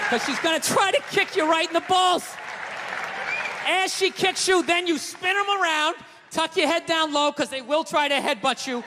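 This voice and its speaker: A man's voice: extremely high pitch, noisy background. A male stand-up comedian ranting through a profane, brash story to a live audience. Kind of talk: stand-up routine. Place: comedy stage before an audience. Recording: live theater hall with crowd.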